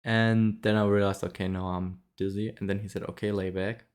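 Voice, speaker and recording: Low-voiced man telling a story casually. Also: little pitch movement, a little fast, darkish tone. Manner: rambling, many fillers and restarts, frequent laughs. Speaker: vlogger.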